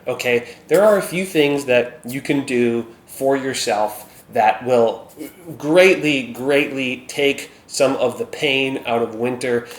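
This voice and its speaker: Chatty Minnesotan man in an echoey room. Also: medium pitch. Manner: chatty, self-deprecating, frequent "okay?" asides. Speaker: vlogger. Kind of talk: casual talk to camera. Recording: echoey room with faint ambient noise.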